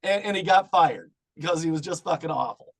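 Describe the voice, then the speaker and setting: A middle-aged man in casual chat as a podcast guest, swearing often and breaking into loud rants. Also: a little high, a little fast, vocal fry. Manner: profane, ranting, loud bursts.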